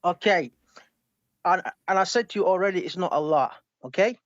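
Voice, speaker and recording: Caller, man with a raised voice, halting and cautious, muffled dry call audio. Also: sits high, no echo. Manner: hesitant, halting, asks for calm. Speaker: caller in a debate. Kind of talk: live debate call. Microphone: online call.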